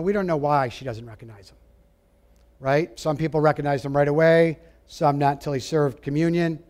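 A man preaching a sermon, emphatic, asking his listeners direct questions and dropping to a hush at times. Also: mid-range voice. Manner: emphatic, rising and falling, drops to a hush for quoted lines; asks the audience direct questions.

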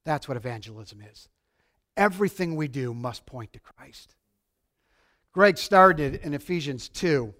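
Male preacher, high voice, excitable, loud-to-soft sermon delivery. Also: a little slow. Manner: excitable, shouts then drops to quiet. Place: church sanctuary.

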